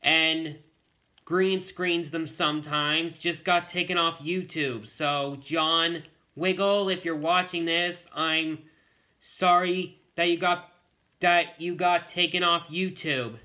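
A man's voice: a little high, fairly even intonation, takes it slowly, pushed and bright. A male vlogger talking casually to the camera, rambling and repeating himself as he keeps addressing his viewers.

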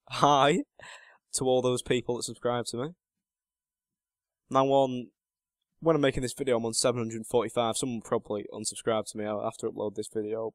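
A late-teen lad hosting a gaming channel gives casual commentary on his gameplay, chatty and self-mocking, muttering to himself between remarks. His voice is at an ordinary middle pitch, recorded close and dry with no room sound.

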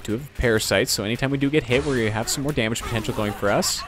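A let's play commentator speaks fast at a medium pitch, rambling casually through his gameplay. He jokes at his own expense, throwing in sound effects and joke impressions.

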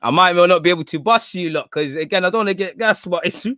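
A man hosting a live stream in casual chat. He is slangy and rambling, and he shifts between low mutters and excited outbursts. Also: fast, dry recording, clean studio sound.

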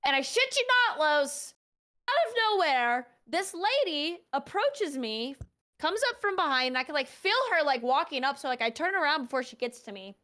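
A young woman with a high-pitched voice tells a story as a guest on an interview show. Her delivery is casual and animated, and she leans on "like" between phrases. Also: moderate pace. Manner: animated, heavy use of "like".

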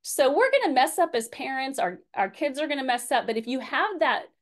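A woman's voice: sits high, very animated, fairly quick. A woman in her forties leading a parenting class Q&A, candid and story-driven, with many fillers and restarts. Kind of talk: teaching a group Q&A.

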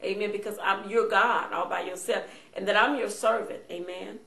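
A woman's voice: medium pitch, fairly even intonation, normal speed, gravelly, sharp tone. Woman pastor preaching in an echoey room. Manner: reads scripture then paraphrases with frequent amens. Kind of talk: sermon.

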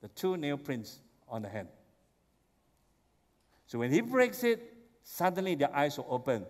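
A man preaching a sermon, telling the story with animated, excited exclamations. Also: a little high, unhurried. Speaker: pastor. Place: church sanctuary. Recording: long church hall reverb.

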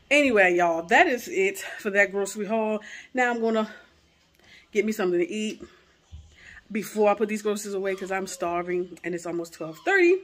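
A woman's voice: mid-range voice, expressive, fairly quick. Woman, 40s, mom vlogger; laid-back, chatty, speaks straight to camera, mid-range voice. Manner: easygoing, talks straight to viewers with y'all and um. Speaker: vlogger, mother of two. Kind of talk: casual chatty vlog. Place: at home.

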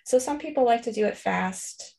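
A woman leading a guided Christian meditation, speaking gently and unhurriedly, with soft fillers as she talks. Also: fairly high pitch, animated, moderate pace, vocal fry. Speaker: counselor leading a meditation class.

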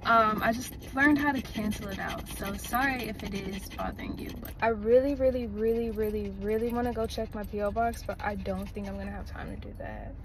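A woman's voice: medium pitch, steady tone, a little fast, hardly any pauses, background noise. A young woman chatting casually and animatedly to her viewers as a vlogger, talking from a parked car with her dog panting nearby. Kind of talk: casual vlog chat. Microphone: camera in the car.

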